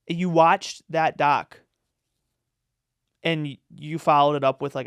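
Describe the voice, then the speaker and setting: A podcast host, a man with a slightly high, smooth, clear voice, chats casually in a loose, rambling way, his strong opinions full of fillers. He keeps a steady tone at a slow pace. The recording is dry and close, with no room sound.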